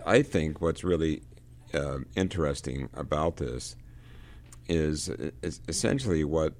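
A man leading a casual book discussion, talking in a halting way and often repeating words as he reads passages and explains them. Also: rumbling low, a little mellow.

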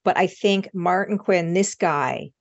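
Detail-minded woman, lowish voice. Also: a little slow, dry recording. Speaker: podcast co-host. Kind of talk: casual chat. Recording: dull, dry podcast mic.

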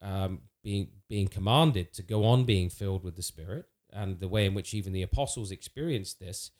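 A man with a fairly low voice speaks earnestly in a relaxed theological conversation. He restarts phrases and uses fillers as he thinks aloud. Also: moderate pace.

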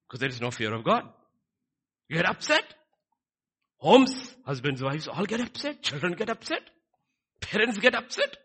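A man preaching a sermon, swinging between quiet lines and loud, emphatic ones. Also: high voice, very animated, normal speed, pauses often, slightly rough. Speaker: pastor.

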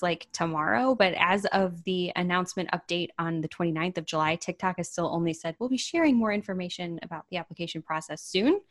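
A woman co-hosting a marketing news podcast, delivering news with dry, wry commentary. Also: on the low side. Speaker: podcast co-host. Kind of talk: casual news chat.

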